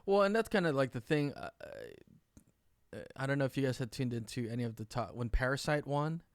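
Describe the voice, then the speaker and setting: A man's voice: medium pitch, normal speed, no echo, clean studio sound. A man co-hosting a casual live panel chat, reading out viewer comments and joking with mock voices. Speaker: co-host.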